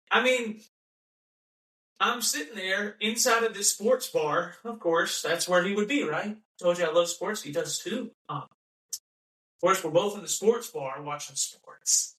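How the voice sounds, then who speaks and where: High, bright-voiced man ranting in an echoey room. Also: animated, unhurried, far from the mic. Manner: ranting, repetitive, mocking, acts out quoted voices. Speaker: podcast host. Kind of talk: impassioned monologue.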